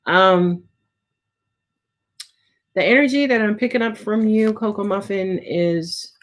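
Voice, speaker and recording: A woman's voice: medium pitch, slow pace. A woman giving a casual live tarot reading, chatty and full of filler words and swearing. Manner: casual, chatty, swears often, frequent "right?" and "um". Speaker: tarot reader.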